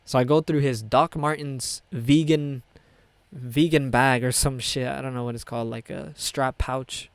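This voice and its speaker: Young man, casual storytime, rambling and profane, smooth clear voice, dry close sound. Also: medium pitch, fairly even intonation, a little slow, dry recording. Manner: rambling, profane, full of "like" and restarts. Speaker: streamer telling a story.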